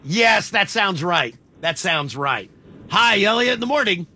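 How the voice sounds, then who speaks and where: A man's voice: sits high, lively intonation, sharp tone, slightly rough. A man hosting a morning radio show, joking and quizzing a caller in casual banter. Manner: playful, joking, quick questions. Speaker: radio host.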